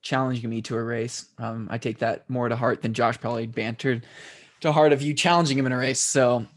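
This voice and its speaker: A man's voice: mid-range voice, fairly even intonation, a little fast. A man hosting a podcast, running the show with wry, dry jokes in casual chat. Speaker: podcast host.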